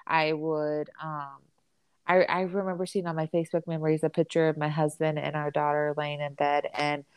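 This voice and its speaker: Low-voiced chatty young woman. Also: flat delivery, moderate pace, clear, resonant tone, no room sound. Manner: chatty, many fillers and restarts. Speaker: podcast co-host. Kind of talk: casual chat.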